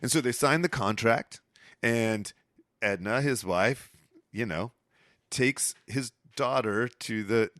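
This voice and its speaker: A man hosting a podcast, retelling a story in casual, profane chat and acting out the characters in quick asides. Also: mid-range voice, a bit bright, dry recording, clean studio sound. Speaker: podcast host.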